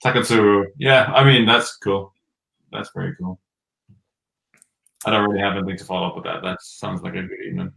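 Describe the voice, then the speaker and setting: A low, gravelly male voice hosting a casual live-stream chat. He talks in a relaxed, hesitant way with plenty of filler words. The sound is echoey, as if from a bare room. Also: brisk, pauses often. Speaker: host.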